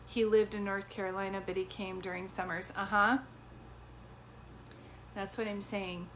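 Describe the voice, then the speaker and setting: A woman doing a live-stream psychic reading, chatty and rambling, offering warm reassurance. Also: mid-range voice, level tone, normal speed, slight background noise. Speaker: psychic medium.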